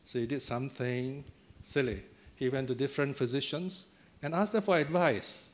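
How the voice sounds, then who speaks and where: A man's voice: mid-range voice, normal speed. A man giving a dharma talk as a Buddhist teacher, telling a story in a chatty way with chuckles and tag questions to the audience.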